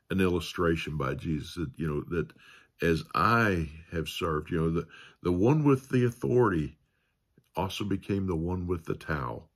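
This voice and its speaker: A man giving a casual Sunday school Bible lesson, rambling with many fillers and restarts. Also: sits low.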